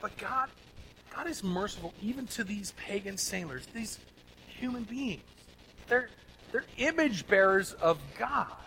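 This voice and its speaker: Male pastor, high bright voice, earnest emphatic sermon delivery, faint noise behind. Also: lively intonation, a little slow, low-quality recording. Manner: earnest, emphatic preaching with swings between loud and soft.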